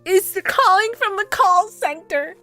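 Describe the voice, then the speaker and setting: A young adult woman streamer chatting casually and telling a rambling, animated story, swearing freely as she goes. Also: very high-pitched, measured pace, faint music behind. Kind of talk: casual livestream chat.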